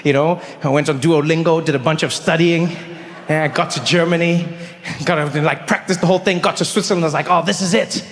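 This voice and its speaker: Brief: male stand-up comic, animated storyteller, fairly high voice, long hall reverb. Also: fast. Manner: animated, acts out characters mid-story. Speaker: stand-up comedian.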